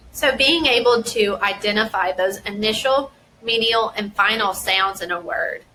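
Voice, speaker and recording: Woman teaching about reading skills, talks real slow and careful, bright sharp voice. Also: medium pitch, a little hiss or hum, poor audio. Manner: slow, deliberate, carefully sounding out word parts. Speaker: school dyslexia specialist. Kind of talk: instructional explanation.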